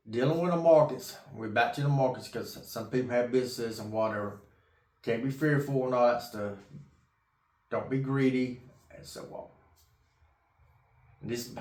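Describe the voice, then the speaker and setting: A man's voice: mid-range voice, darkish tone. Tired, rambling man in an echoey room. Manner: rambling, folksy, repeats himself, casual swearing. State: tired from getting up at 3 a.m. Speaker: investing vlogger. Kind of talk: rambling casual monologue to camera.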